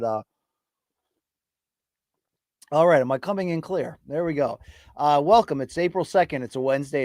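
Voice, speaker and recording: A middle-aged podcast host from the US East Coast does a casual solo livestream ramble from his home studio, chatty, self-deprecating, and hyping up his chat. His voice is fairly high with a darkish tone, recorded on a studio mic with clean sound and no room noise.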